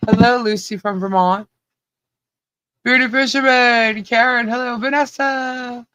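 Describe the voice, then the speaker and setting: A podcast co-host with a hoarse voice, cheerfully greeting viewers one by one on a live stream. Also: mid-range voice, fairly even intonation, measured pace, sharp tone, no echo. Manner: giddy, laughing, greets viewers by name.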